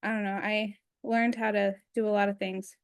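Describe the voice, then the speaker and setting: A woman's voice: medium pitch, level tone, moderate pace, clean tone, no echo, studio quality. A young adult woman chatting as a guest on a video call, rambling with lots of fillers. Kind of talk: casual interview chat.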